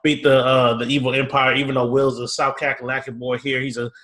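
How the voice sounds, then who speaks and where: A man's voice: medium pitch, flat delivery, a little fast, a bit bright. A man co-hosting a podcast, joking and rambling through his bits. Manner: joking, rambling, mock-formal. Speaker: podcast co-host. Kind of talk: casual chat.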